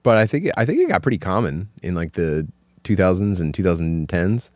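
A man's voice: sits low, sing-song, brisk, darkish tone, dry recording. A man co-hosting a podcast in casual chat, rambling and full of filler words and restarts. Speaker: podcast co-host.

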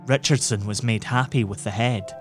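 A man narrating an audiobook in a measured, even storytelling manner. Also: lowish voice, faint music behind.

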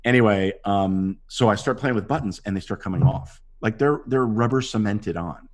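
Very deep-voiced man telling lively stories. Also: normal speed. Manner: animated anecdotes with acted-out quotes. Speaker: actor guest. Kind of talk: casual interview storytelling.

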